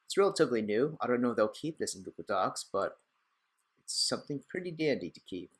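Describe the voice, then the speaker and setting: A man's voice: medium pitch, very animated, fast, breathy edge. Young guy doing a laid-back how-to screencast, talks kinda rambly, cracks little jokes at himself, regular mid-range voice. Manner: chatty, rambling, self-deprecating asides. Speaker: tech tutorial host. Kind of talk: casual screen-recorded tutorial.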